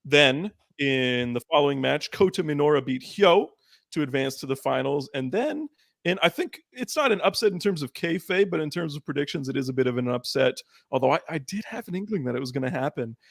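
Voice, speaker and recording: Gravelly man recapping matches casually. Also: on the high side, expressive, a bit bright, dry recording. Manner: recaps matches in quick run-downs, laughs often. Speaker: podcast co-host. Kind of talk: casual wrestling podcast chat.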